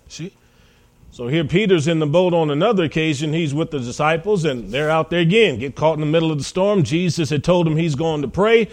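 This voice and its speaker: A male preacher delivering a sermon, retelling Bible stories and acting out the voices of the people in them, building to loud, emphatic peaks. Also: high voice. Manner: storytelling, acting out voices of biblical figures.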